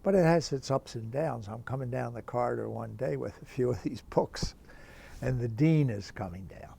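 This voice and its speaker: A man's voice: medium pitch, normal speed, vocal fry, slightly rough. An older man, a priest, telling a chatty anecdote about a teacher, with many asides. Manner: lively, chatty, full of asides. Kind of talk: anecdotal storytelling.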